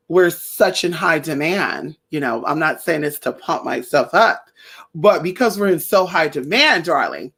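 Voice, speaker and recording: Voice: medium pitch, vocal fry, fairly bright tone. A livestream host and spiritual practitioner chatting casually with viewers in a rambling, profane way, calling them honey and darling. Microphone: phone or webcam.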